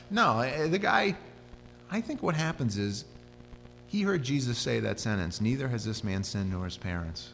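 Animated male preacher in a reverberant hall. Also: fairly high pitch, moderate pace, soft background music. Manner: animated storytelling, voice rising and dropping. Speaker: pastor. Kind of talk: sermon. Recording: hall reverb with faint hum.

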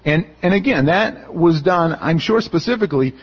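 A middle-aged pastor delivers an expository sermon in a conversational, animated way, acting out the voices of the people he quotes as he retells events. His voice is a little high and husky, his pace moderate, and the audio sounds dull.

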